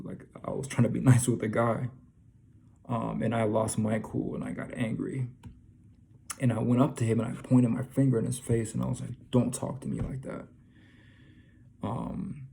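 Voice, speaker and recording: Gravelly, mellow-voiced man rambling casually. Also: medium pitch. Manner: rambling, many fillers and restarts. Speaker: video creator telling a dream. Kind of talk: casual storytelling to camera.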